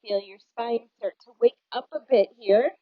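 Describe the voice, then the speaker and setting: A woman teaching a yoga class, calmly cueing breaths and movements with some ums and uhs. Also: on the high side, normal speed, no room sound. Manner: calm, cueing breath and movement, with filler words. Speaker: yoga instructor. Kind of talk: guided yoga class instruction. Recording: dull, dry lo-fi sound.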